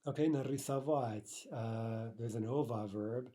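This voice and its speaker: A man's voice: medium pitch, measured pace, warm tone. A man teaching a language lesson, explaining patiently and often checking in with the listener. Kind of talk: recorded grammar lesson.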